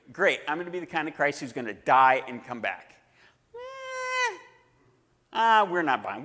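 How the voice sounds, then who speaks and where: A man preaching a sermon, animated and acting out the voices of the people in his story. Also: sits high. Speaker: pastor. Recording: long hall reverb.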